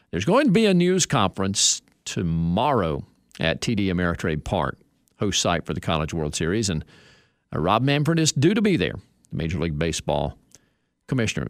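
A man's voice: on the low side, dry recording, clean studio sound. A man hosting a sports radio show, reading news items and chatting with asides.

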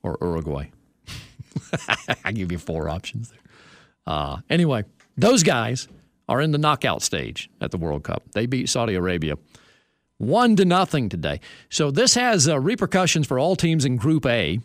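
A man's voice: mid-range voice, huge pitch swings, moderate pace, no echo, clean studio sound. A man hosting a sports radio show, reading news items and chatting with asides.

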